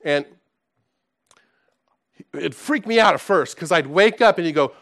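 A man preaching a sermon to his congregation, conversational and animated, dropping to soft asides and rising to loud exclaims, with frequent restarts. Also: on the high side, moderate pace, vocal fry, long pauses. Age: adult, past college. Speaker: pastor.

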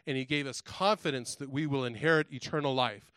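A man's voice: mid-range voice, a little fast, hardly any pauses, a bit bright, smooth, no echo. A man preaching a sermon in a conversational way, asking the congregation direct questions and often restarting his words. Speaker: pastor.

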